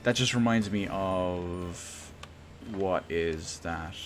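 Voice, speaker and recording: A young man commentates casually over a game stream and tosses in wry, self-mocking jokes. His voice sits somewhat low, and his delivery is relaxed and conversational. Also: slow pace, soft background music. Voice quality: wry, joking asides. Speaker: let's play streamer.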